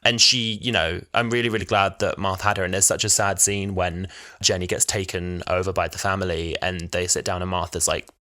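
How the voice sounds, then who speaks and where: A man's voice: low voice, flat delivery, a little fast, sharp tone. A man in his twenties co-hosting a podcast, chatting with emotional enthusiasm. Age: 20s. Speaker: podcast co-host. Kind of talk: casual chat.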